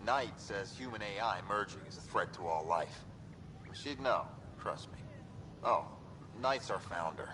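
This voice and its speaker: A fairly low male voice from a man playing an earnest hacker in a game, speaking in a reassuring way over clear background noise. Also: unhurried, natural voice. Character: friendly male hacker from an underground movement. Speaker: game character.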